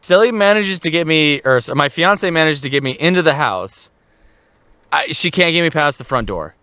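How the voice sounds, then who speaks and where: A man's voice: a little high, animated, normal speed, pushed and bright, clear, resonant tone, dry recording. Young man, podcast host, swears a lot, acts out quotes, dry close sound. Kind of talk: casual storytelling chat.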